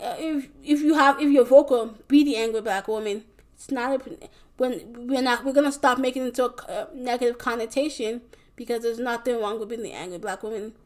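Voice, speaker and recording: A young woman hosting a solo podcast, rambling and emphatic, swearing freely with lots of restarts. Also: fairly high pitch. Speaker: podcast host. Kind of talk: casual solo podcast monologue.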